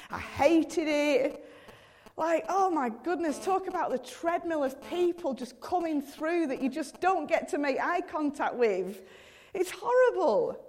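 A woman's voice: high-pitched, a little mellow. A woman in her thirties preaching a sermon in an earnest, conversational way, often addressing God directly and using casual fillers. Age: 30s.

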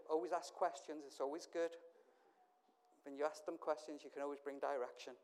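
A pastor tells stories in his sermon, acting out the dialogue and slipping in self-mocking asides. His voice is a little high and darkish, steady and clean, with a slightly fast pace.

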